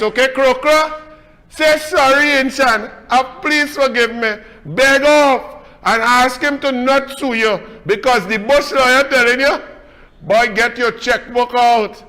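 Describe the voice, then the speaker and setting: Trinidadian male political host, scornful and emphatic, bright high timbre with a long room echo. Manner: mocking, emphatic, scolding. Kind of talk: combative political monologue.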